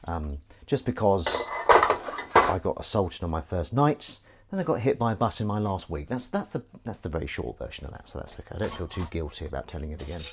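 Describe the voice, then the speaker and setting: Man, lowish and very animated, rambling self-deprecating chat over a kitchen sink, faint dish clatter. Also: a little fast, noisy background. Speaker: live streamer. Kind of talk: casual chat. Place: home kitchen, washing up at the sink. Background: clinking dishes and pans.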